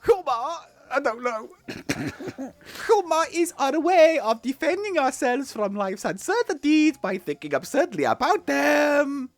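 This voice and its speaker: Guy doing a high slow mexican accent, drags every word out all grand. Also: big pitch swings, dry recording, soft background music, full character voice. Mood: mock solemn. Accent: Mexican, put on. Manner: slow, drawn-out, with a cough. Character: slow, lofty man with a put-on Mexican accent.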